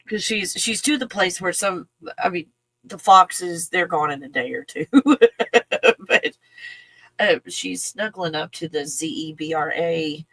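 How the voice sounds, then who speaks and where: A woman talking in an emotional, halting casual monologue, breaking off with sighs and soft laughs. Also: lowish voice, steady tone, slightly rough, dry recording, low-quality recording. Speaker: channel host.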